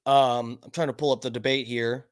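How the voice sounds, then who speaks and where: A man's voice: medium pitch, little pitch movement, normal speed. Profane, rambling male streamer. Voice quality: loose and profane, self-mocking. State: coughing from smoking. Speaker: streamer host. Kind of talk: casual livestream chat. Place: home studio.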